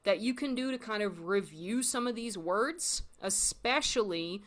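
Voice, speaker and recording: Woman, Spanish teacher, animated pitch, bright tone, encouraging, slow repeated phrases. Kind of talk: recorded language lesson.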